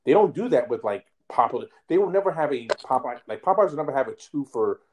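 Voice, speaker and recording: Animated man in casual podcast chat. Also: mid-range voice, fast talker, slight background noise. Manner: animated, laughs often, emphatic opinions. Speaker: podcast co-host.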